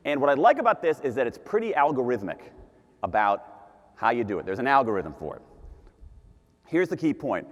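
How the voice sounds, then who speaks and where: A man giving an animated conference talk, repeating his key points for emphasis. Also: medium pitch, a little fast. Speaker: conference speaker. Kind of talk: keynote talk to a live audience. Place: large conference hall. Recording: long hall reverb.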